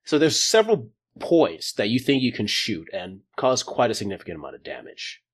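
Lively, jokey male game master. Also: medium pitch, moderate pace, husky. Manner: jokey, laughing at his own plans going wrong. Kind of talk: running a tabletop role-playing game.

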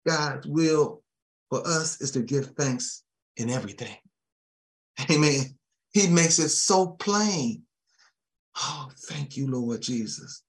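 A man preaching a sermon, chuckling often and dropping amens and soft thanks to Jesus between his points. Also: medium pitch.

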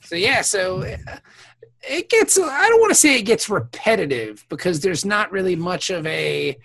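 A man co-hosting a casual recap chat, profane and quick to act out characters in mock voices. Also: high voice, sing-song, creaky, a bit bright, breathy edge. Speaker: podcast co-host.

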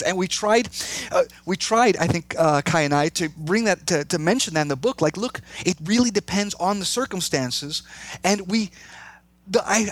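A man's voice: high voice, no room sound. A man, co-author of a book, in a casual discussion, talking earnestly with many restarts. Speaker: co-author guest.

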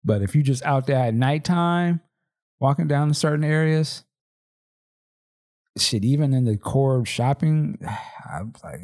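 A man's voice: mid-range voice, unhurried, long pauses, darkish tone. A man on a podcast telling stories in casual chat, slangy and acting out dialogue. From Seattle, Washington. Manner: storytelling, slangy, acts out dialogue. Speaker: podcast co-host.

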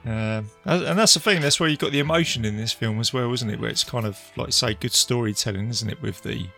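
A man's voice: medium pitch, quick pace, vocal fry, bright, forceful tone, soft background music. A man co-hosting a podcast, chatting eagerly about films and agreeing a lot. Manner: enthusiastic, lots of agreeing and laughing. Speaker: podcast co-host. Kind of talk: casual film chat.

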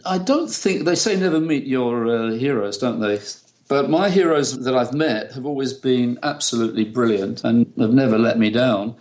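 This middle-aged British photographer speaks in a mid-range, darkish voice at a moderate pace. He's being interviewed and tells relaxed, chatty anecdotes, laughing often.

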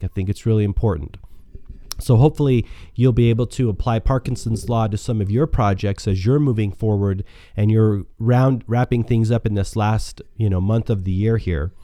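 A man with a scratchy voice hosts a motivational podcast, speaking earnestly and often restarting his sentences. His tone is very dark and mellow, and the recording is close and dry with no room sound. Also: on the low side, dry recording. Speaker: podcast host. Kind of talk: solo self-help podcast talk.

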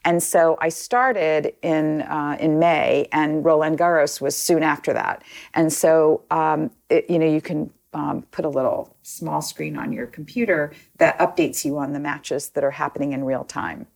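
Low creaky-voiced woman telling a story. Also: a little slow. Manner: chatty, many ums, quotes others in lively asides. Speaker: interview guest. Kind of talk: casual storytelling.

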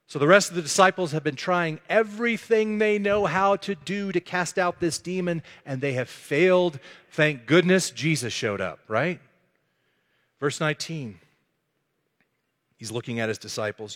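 A man's voice: a little high, normal speed, fairly bright tone. Earnest man preaching a sermon. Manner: earnest storytelling, acting out quotes. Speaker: pastor. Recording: echoey hall.

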